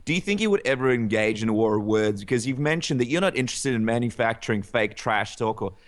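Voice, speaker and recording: A man's voice: mid-range voice, lively intonation, fast. Co-host guy asking polite questions, average voice. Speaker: radio show co-host. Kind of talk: interview questions.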